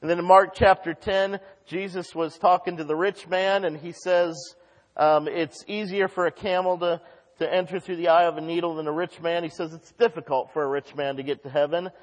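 Guy preaching hard, goes quiet then loud, lots of hall echo. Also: a little high, fairly even intonation, moderate pace. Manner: impassioned preaching, swinging from hushed to shouted. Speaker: pastor. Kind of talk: sermon. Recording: long reverb of a large hall.

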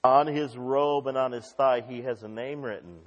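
Guy preaching hard, goes quiet then loud, lots of hall echo. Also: medium pitch, fairly even intonation, normal speed, highs cut off. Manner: impassioned preaching, swinging from hushed to shouted. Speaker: pastor. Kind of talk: sermon. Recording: long reverb of a large hall.

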